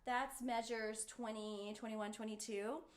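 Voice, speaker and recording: Higher-voiced woman teaching singing. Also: fairly even intonation, unhurried. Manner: encouraging, demonstrates with sung vowels. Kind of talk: singing lesson.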